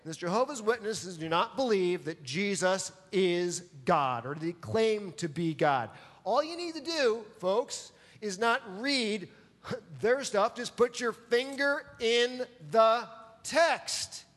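A man's voice: high-pitched, lively intonation, takes it slowly, fairly bright tone, long reverb tail. A man preaching a sermon as pastor, emphatic and pressing his listeners to answer back. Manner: emphatic, calls for audience response.

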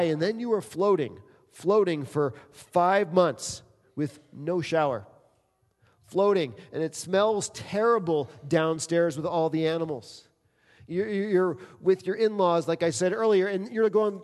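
A man's voice: fairly high pitch, moderate pace. A middle-aged man from New Jersey preaching a sermon in a church, joking with the congregation and acting out prayers. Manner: animated preacher, acts out quoted prayers, jokes with congregation. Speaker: pastor. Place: church sanctuary. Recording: long reverb in a large hall.

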